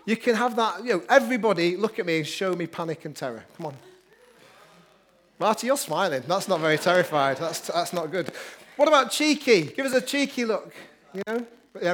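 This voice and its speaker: Pastor, male, higher voice, energetic preaching with banter. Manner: upbeat, joking with the congregation. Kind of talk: lively sermon.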